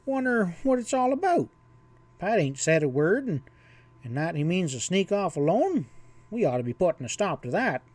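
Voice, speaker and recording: List: man playing a pudgy old cowpoke, worried, drawling, high voice, dry recording. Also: very animated, normal speed, darkish tone, no room sound. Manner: worried, sarcastic.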